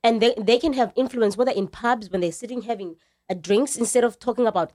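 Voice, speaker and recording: A woman's voice: on the high side, brisk, darkish tone, dry recording. A woman from South Africa with a South African accent, talking earnestly and emphatically in a radio studio conversation, repeating phrases as she searches for words.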